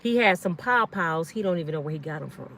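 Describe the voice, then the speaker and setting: A woman's voice: fairly low pitch, expressive, fast, a bit bright, slight background noise. Earnest, pleading middle-aged woman. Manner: earnest, pleading, repeats herself. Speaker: vlog host. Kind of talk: emotional personal storytelling.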